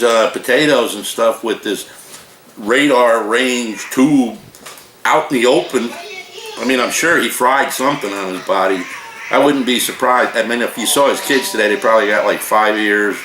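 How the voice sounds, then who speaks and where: A man's voice: mid-range voice, a bit bright. A man in his sixties casually reviewing frozen food at home, a folksy, rambling talker who wanders off into jokes and old stories. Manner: folksy, digressive, joking storyteller. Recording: roomy echo, faint noise.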